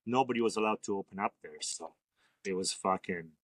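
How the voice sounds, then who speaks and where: A man's voice: sits low, fairly quick, fairly bright tone, breathy edge, dry recording. Laid-back, foul-mouthed man telling stories. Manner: laid-back, profane, rambling. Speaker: tattoo artist guest. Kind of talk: casual storytelling interview.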